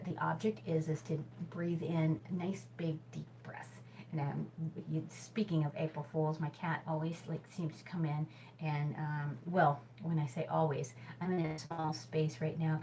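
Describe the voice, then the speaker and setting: In a small temporary office space by a back door, a woman with a low, darkish voice casually teaches hula hoop exercises on camera. She's a hoop fitness instructor, chatty, giggly and self-deprecating, with lots of fillers. The camera mic moves as she hoops, and the poor audio carries a slight hiss or hum.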